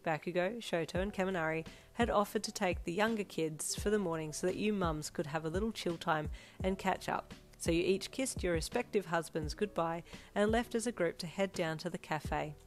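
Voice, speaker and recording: Woman narrating a fanfic, low voice. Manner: calm, storytelling. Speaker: fanfiction reader. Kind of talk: scripted narration. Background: soft lofi piano music.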